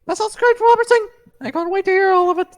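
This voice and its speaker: A performer voicing a fussy old male judge in a shrill, excitable squeak. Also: quick pace. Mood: delighted.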